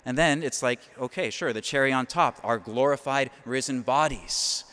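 A man, a priest, giving a homily in an earnest, animated way, with quick asides. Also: mid-range voice, big-room sound.

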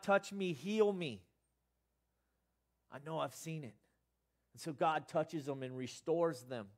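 Earnest man preaching with swings in volume. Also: fairly bright tone. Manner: earnest, rising to emphatic bursts then dropping low. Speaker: pastor. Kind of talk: sermon.

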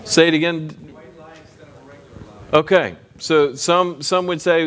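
A man teaching a church class as pastor, speaking conversationally and pausing to ask the group questions. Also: fairly high pitch, a bit bright. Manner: conversational, asks the class questions, frequent restarts.

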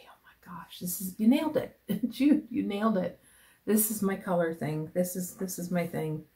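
Slow, gravelly-voiced woman gushing over gifts. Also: fairly low pitch, warm tone. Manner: gushing, drops to breathy whispers of delight; rambling with many restarts and fillers. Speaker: vlogger unboxing yarn. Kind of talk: casual unboxing chat. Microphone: camera mic.

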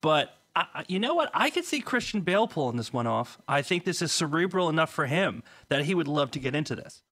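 A man's voice: fairly high pitch, very animated, brisk, fairly bright tone. A man hosting a podcast interview, bantering playfully with his guest. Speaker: podcast host. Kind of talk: casual interview chat.

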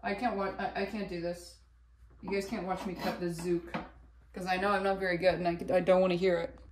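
A woman chatting while she cooks at home, rambling and excitable, swearing casually and laughing as she goes. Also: lowish voice, fairly quick, a little hiss or hum. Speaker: vlogger. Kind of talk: casual cooking vlog chat. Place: home kitchen. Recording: echoey room, voice a bit far from mic.

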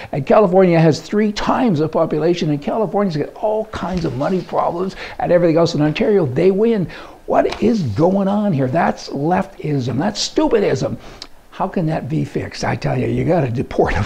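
A man's voice: on the high side, gravelly, dark tone, breathy edge. A man giving a folksy, indignant, rambling political monologue as a commentary blogger. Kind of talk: opinionated monologue. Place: Canada.

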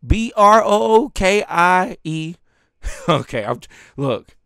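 A man's voice: sits high, very animated, slow pace, pushed and bright, clean tone, dry recording, studio quality. A man ranting live as a streamer, heated and swearing, with laughs breaking in between lines.

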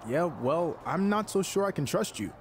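A man's voice: a little high, animated, normal speed, a little hiss or hum, close to an everyday voice. An actor playing a suspicious male wrestling champion in a video game, speaking in a guarded, accusing way. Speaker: game character.

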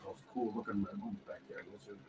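A man's voice: on the low side, fairly even intonation, fairly quick, warm tone. A man helping at a live sale, casually chiming in while he handles items. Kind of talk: casual chat.

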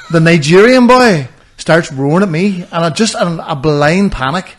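A man's voice: a little high, lively intonation, a little slow. A young man, co-hosting a podcast and telling a rambling, sweary anecdote in casual chat. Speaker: podcast co-host.

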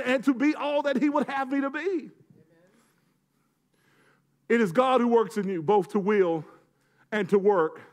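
A male pastor with a strikingly high voice delivers a sermon. He keeps prodding his congregation with quick tags and answers, and breaks the flow with joking asides. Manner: punctuates with call-and-response tags to the congregation.

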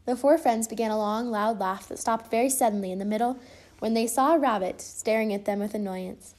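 A woman reading a children's storybook aloud with expressive delivery. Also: on the high side, fairly quick. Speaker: storybook reader.

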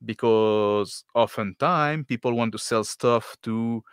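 A man's voice: medium pitch, slow, clean tone, no echo, clean studio sound. Man explaining, ending points with "right?". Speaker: panelist game master. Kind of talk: casual chat.

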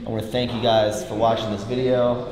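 A man's voice: medium pitch, little pitch movement, brisk, echoey room, long reverb tail, a crowd in the background. A young man vlogging casually, talking in a loose, rambling way with lots of "like" and restarts. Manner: rambling, filler-heavy, self-interrupting. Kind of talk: casual vlog chat. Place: large warehouse indoors.

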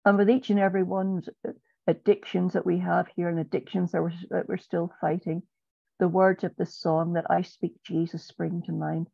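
A woman's voice: fairly low pitch, level tone, moderate pace, creaky, warm tone, husky, no room sound. A woman in an online prayer group, praying earnestly with repeated pleading phrases. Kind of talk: spoken prayer. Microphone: video call. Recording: dull, dry video-call audio.

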